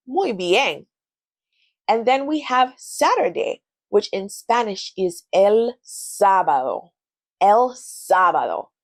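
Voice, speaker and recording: A woman's voice: lowish voice, dry recording. A woman teaching a beginner Spanish lesson, spelling words out letter by letter and modeling pronunciation for the listener to repeat. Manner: switches between English and Spanish, modeling pronunciation. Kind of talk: scripted language lesson.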